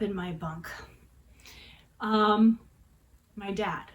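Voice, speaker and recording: A woman's voice: fairly high pitch, animated, unhurried, a bit bright, low-quality recording. A woman in her forties telling a personal story in a dramatic, chatty way, often adding tag questions. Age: 40s. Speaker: vlogger.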